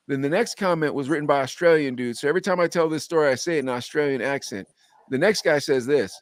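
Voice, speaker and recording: A young adult man hosting a podcast, telling a story with animated quoted dialogue in casual chat. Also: on the high side, fast talker, no echo. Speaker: podcast host.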